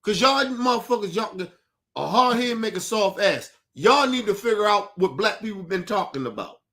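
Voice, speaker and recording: A man delivering a heated, profane rant as a podcast host, shouting and repeating himself. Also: high-pitched, animated, moderate pace.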